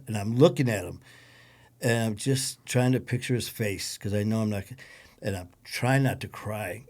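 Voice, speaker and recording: A man with a Detroit accent, a podcast guest recounting a personal story in a low-key, conversational way. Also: normal speed, a little mellow. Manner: gravelly, low-key storytelling with acted quotes.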